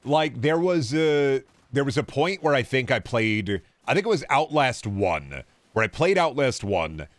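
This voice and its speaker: On a dry recording, a young man with a mid-range, slightly bright voice streams a video game at normal speed. His pitch swings widely as he rambles, swears casually and chats with viewers in loose gameplay commentary.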